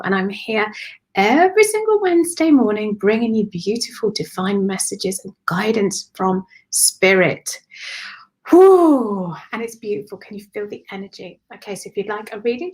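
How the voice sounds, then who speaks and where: A woman hosting a live-streamed spiritual reading on her phone, affectionate and animated, calling listeners darling. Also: medium pitch, normal speed. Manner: animated, swooping intonation. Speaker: spiritual medium giving readings.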